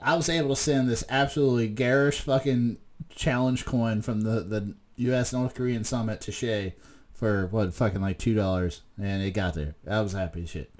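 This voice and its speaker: A man's voice: on the low side, fairly even intonation, normal speed. A man from West Virginia co-hosting a podcast in casual chat, rambling with plenty of swearing and restarts. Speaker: podcast co-host.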